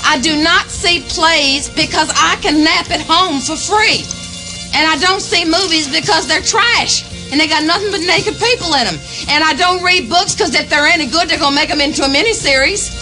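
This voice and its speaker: A woman's voice: very high-pitched, normal speed, poor audio. An actress playing a cantankerous older Southern woman who complains bluntly and curses. It is a film clip with music underneath. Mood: grumbling. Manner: gruff, cursing, blunt complaints.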